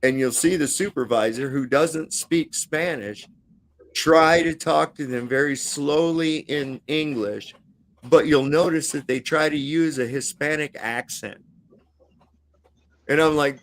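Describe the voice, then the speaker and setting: A man's voice: fairly high pitch, measured pace. A man talking bluntly and profanely in a casual livestream chat over a video call, with frequent fillers and restarts.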